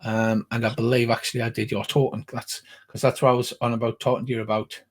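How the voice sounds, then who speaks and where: An older man narrating as game master, explaining rules with halting, rambling speech. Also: mid-range voice, level tone.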